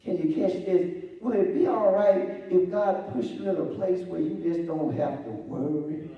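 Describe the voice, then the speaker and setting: A man's voice: high voice, measured pace, dull audio. A man preaching a sermon, drawing the congregation in with rhetorical questions. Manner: rhetorical, asks the congregation "huh?". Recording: echoey church from far off.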